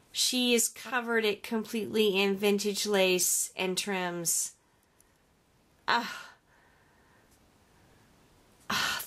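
A woman's voice: fairly high pitch, a bit bright, clean tone. A woman vlogger chatting casually as she unboxes craft gifts, gushing, exclaiming and often sighing.

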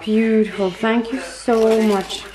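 Slow, gushing woman with a higher voice. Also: steady tone, crowd noise. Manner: gushing, delighted exclamations; slow, soft, searching for words. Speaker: vlogger opening happy mail. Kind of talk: casual unboxing chat.

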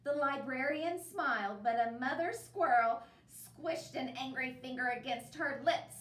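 A woman reading a children's picture book aloud as a library storyteller, with lively expression. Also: high voice, measured pace, reverberant, recorded from a distance.

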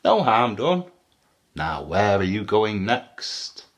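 A man's voice: on the low side, big pitch swings, takes it slowly, pitched below the performer's own voice, exaggerated voice. A man voicing a big, wise mother elephant in a storybook reading, soothing and kind.

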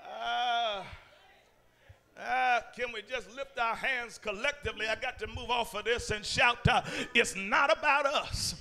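A man preaching a sermon as guest pastor in a church, shouting call-and-response lines broken by frequent "uh" pauses. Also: extremely high pitch, steady tone, gravelly. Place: church sanctuary.

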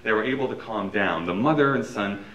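A man hosting a live show and reading a story, talking in a relaxed way with fillers. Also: lowish voice, fairly quick, lo-fi sound, a little hiss or hum. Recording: echoey room from far off.

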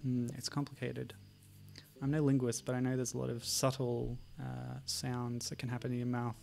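A man's voice: medium pitch, completely flat delivery, normal speed, gravelly, a little mellow, soft background music. A man streaming and chatting casually about games, hesitant and full of ums. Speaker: game streamer.

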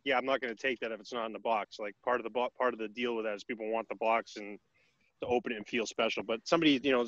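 A man co-hosting a podcast in casual chat, quick and chatty. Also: medium pitch, a bit bright, no echo, dull audio. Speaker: podcast co-host.

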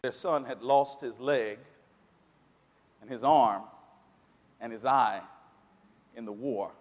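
A man preaching a sermon, climbing dramatically toward near shouts at his points of emphasis. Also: medium pitch, takes it slowly, big-room sound. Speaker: pastor. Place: church sanctuary.

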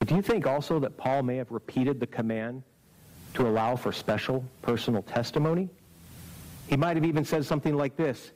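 A man delivers a camp-meeting sermon at a moderate, ordinary pitch for a man. His tone is earnest and exhorting. He keeps turning to the congregation with rhetorical questions. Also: expressive, normal speed, pauses often, a little mellow, low-quality recording. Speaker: preacher.

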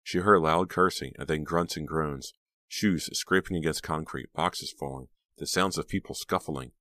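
A man narrating an audiobook in a steady, measured storytelling manner on a close mic. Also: very deep voice, dry recording. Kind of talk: scripted narration.

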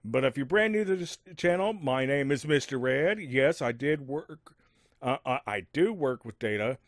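A man hosting a game let's-play in casual, rambling commentary with many asides, speaking above his natural low register. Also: expressive, normal speed, dry recording, clean studio sound. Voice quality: rambling, lots of fillers and asides.

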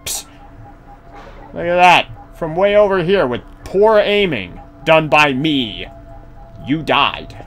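A man doing let's-play commentary, excitable and goofy, yelling taunts and curses at enemies and making silly noises. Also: a little high, slow pace, long pauses, over music. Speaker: gaming channel host. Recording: noisy background ambience.

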